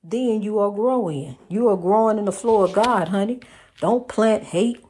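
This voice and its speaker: A woman's voice: mid-range voice, normal speed, slight background noise. Woman preaching love, calling you honey. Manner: rhythmic, repeats phrases, calls listener honey; lively, swings between loud and soft. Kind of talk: preachy casual monologue.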